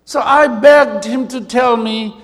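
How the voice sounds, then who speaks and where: A South African man preaching a sermon as pastor, telling humorous stories with drawn-out emphasis, in a church hall. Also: extremely high pitch. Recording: long hall reverb.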